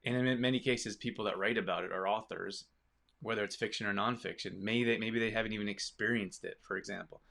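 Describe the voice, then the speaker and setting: A man's voice: on the low side, fairly even intonation, fairly quick, vocal fry, sharp tone. A man who runs a business, talking casually to camera in a rambling way, with many restarts and side stories. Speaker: business owner.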